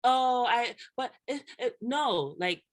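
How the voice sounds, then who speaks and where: Young woman co-host, casual chat, animated emphatic ranter who laughs often. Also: fairly high pitch, takes it slowly. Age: young adult. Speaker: podcast co-host.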